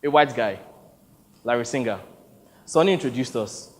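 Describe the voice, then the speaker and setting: Nigerian male monologue performer, lively pitch, wry, stage hall reverb. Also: normal speed, long pauses. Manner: wry, storytelling, expressive. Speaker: solo stage performer narrating. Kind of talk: one-man theatre monologue.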